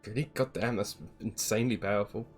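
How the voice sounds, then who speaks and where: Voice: mid-range voice, fairly even intonation, breathy edge, no room sound, soft background music. A player at a tabletop game, laughing often and chatting easily with the group. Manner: laughs often, slow and easygoing. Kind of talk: casual chat at a tabletop game.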